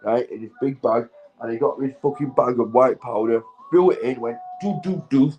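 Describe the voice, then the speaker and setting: A man's voice: mid-range voice, fairly even intonation, normal speed, a little mellow, muffled recording. A man, stoned, rambling in a casual vlog monologue, swearing heavily and laughing often. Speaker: vlogger.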